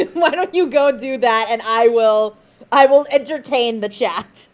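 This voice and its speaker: High-voiced giggly woman chatting on stream. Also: unhurried. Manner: giggly, laughs between sentences; reassuring, fond teasing. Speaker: stream co-host. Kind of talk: casual livestream chat.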